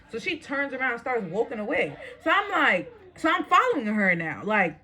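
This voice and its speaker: A woman telling a story on her vlog in a fast, animated, profane rant, laughing between lines. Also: on the high side. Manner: talking fast.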